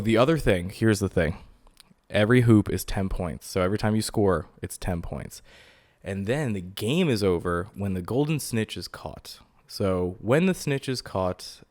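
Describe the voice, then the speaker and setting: A young man hosting a podcast, telling a rambling, profane, jokey story about himself in casual talk. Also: fairly low pitch. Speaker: podcast host.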